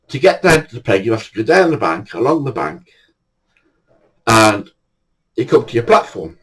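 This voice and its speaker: Older man, lively storyteller. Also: medium pitch, moderate pace, pauses often, a little hiss or hum, rough recording. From England. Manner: chatty, laughs often while telling stories. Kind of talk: casual anecdote telling.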